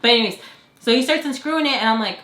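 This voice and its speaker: A young woman vlogger telling a story to the camera in a chatty, animated way, full of fillers. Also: on the high side, very fast. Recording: echoey room.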